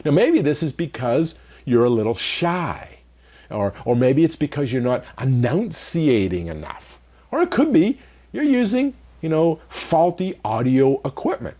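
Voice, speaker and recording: A man's voice: a little high, very animated, a little slow, mellow, highs cut off. A man teaching a media training lesson to camera in a conversational way, often checking in with "right?". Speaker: culinary media instructor. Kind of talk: instructional talk to camera.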